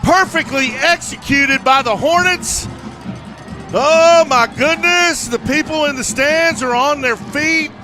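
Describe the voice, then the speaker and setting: A man's voice: very high voice, measured pace, few pauses, over music. A man as color analyst at a live football game, exclaiming with enthusiasm and talking to the folks at home. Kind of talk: live sports commentary.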